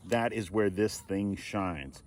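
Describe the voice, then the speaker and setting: A man's voice: lowish voice, takes it slowly. Easygoing middle-aged man on a lake. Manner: easygoing, chatty, jokey. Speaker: kayak vlogger. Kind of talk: casual outdoor vlog commentary. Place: outdoors on a kayak on a lake. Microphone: action camera.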